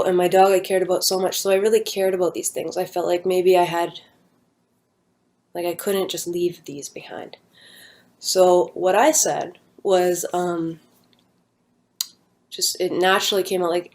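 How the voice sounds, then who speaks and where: A woman's voice: on the low side, a little mellow. A young woman talking at home, telling a personal story in a rambling casual way with many fillers and restarts. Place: at home with her dog nearby.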